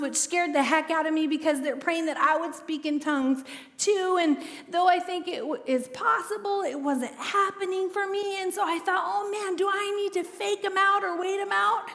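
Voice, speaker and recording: A woman giving a testimony sermon as a ministry speaker, telling her story in a lively way and acting out the dialogue. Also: sits high. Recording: long hall reverb.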